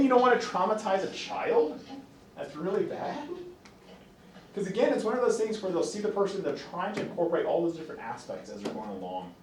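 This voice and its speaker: A man giving a psychology lecture to a class, lively and expressive, often acting out voices of children and parents. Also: high voice, slight background noise. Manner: animated, acts out quoted voices. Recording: echoey classroom from a distance.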